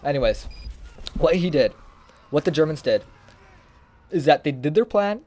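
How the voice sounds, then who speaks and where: Rambling young man with a lively voice. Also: on the high side, moderate pace, pauses often. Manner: rambling, animated, self-correcting. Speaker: gaming YouTuber. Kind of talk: casual history explainer over gameplay.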